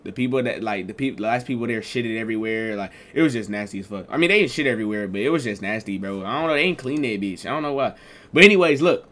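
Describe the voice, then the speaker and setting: A man's voice: on the low side, lively intonation, fast talker, fairly bright tone. A young man casually telling a storytime vlog in loose, slangy talk with lots of fillers. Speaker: streamer and vlogger.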